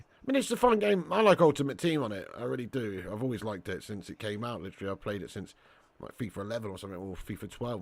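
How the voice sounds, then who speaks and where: A man's voice: on the low side, vocal fry. A young man hosting a casual live watch-along, reading chat and bantering with viewers as lad and mate.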